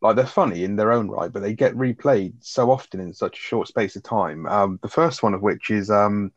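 Lad rattling on about a sitcom, low voice, bit muffled and lo-fi. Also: male voice, no room sound. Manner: fast, rambling, full of fillers and swearing. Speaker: podcast co-host. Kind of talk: casual chat reviewing a sitcom episode.

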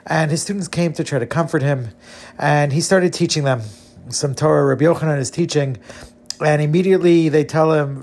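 A man telling religious teaching stories with animated, dramatic delivery. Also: a little high, a little fast. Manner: animated storytelling, lively dramatic shifts. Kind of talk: storytelling sermon.

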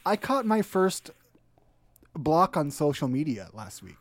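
A man's voice: fairly high pitch, big pitch swings, a little slow, no room sound. A man co-hosting a podcast, joking around and telling rambling stories in a laid-back way. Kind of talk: casual storytelling chat.

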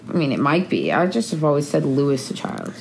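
A woman's voice: low-pitched, sing-song, a little fast, darkish tone, a little hiss or hum. A young woman chatting casually with a friend, bubbly and full of "like". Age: young adult. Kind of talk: casual chat recapping the year.

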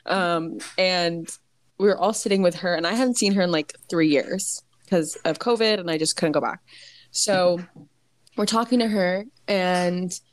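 A woman's voice: fairly low pitch, a little slow, no room sound. A young woman co-hosting a podcast, telling a family story in a rambling way, full of fillers and laughter. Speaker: podcast co-host. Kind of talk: casual chat.

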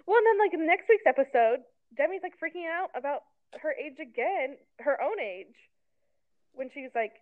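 A woman's voice: high-pitched, expressive, a little fast. A woman in her twenties, co-hosting a casual recap podcast in a chatty, sarcastic way, with lots of "like.". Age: 20s. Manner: chatty, sarcastic, heavy use of "like". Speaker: podcast co-host. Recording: tinny phone-like sound.

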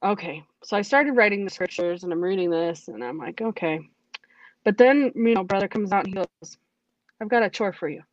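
A woman telling her personal testimony in a casual, animated way, acting out what she said back then. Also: mid-range voice, a little fast, no room sound, lo-fi sound. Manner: animated, acts out her own past remarks. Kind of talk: casual storytelling.

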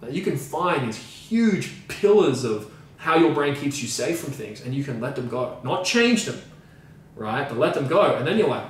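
A man's voice: medium pitch, sing-song, moderate pace, far from the mic. A man talks in a casual podcast discussion, emphatic and profane, stacking up repeated phrases to drive his point home. He sits back from the mic in a very reverberant room, and a faint noise hangs underneath. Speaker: podcast co-host and coach.

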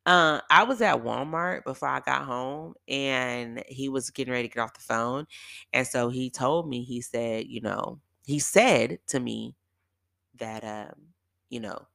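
A woman's voice: very deep voice, measured pace, gravelly, fairly bright tone, no echo, clean studio sound. A woman from the Bay Area hosting a podcast, retelling a dating argument in an emphatic, exasperated way. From San Francisco Bay Area. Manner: emphatic, exasperated retelling with quoted back-and-forth. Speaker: podcast host. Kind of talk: casual storytelling monologue.

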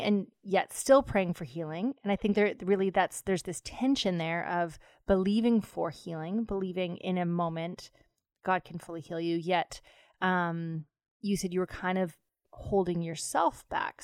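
A woman's voice: on the low side, smooth, no echo, clean studio sound. A woman hosting a conversational interview, speaking in an empathetic, reflective way with many fillers. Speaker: podcast host.

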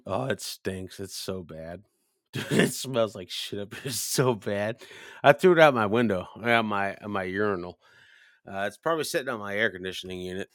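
A man's voice: lowish voice, moderate pace, fairly bright tone, no echo, clean studio sound. A man casually telling a crude, profane story on a podcast, animatedly acting out his friends' lines.

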